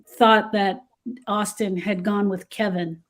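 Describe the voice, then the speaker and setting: A woman's voice: medium pitch, fairly even intonation, takes it slowly. Earnest woman giving grief advice. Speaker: grief specialist. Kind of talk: instructive discussion.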